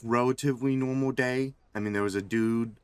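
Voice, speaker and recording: A man's voice: medium pitch, steady tone, brisk, smooth, dry recording. A male streamer telling a casual, rambling story full of swearing and fillers. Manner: rambling, profane, lots of fillers.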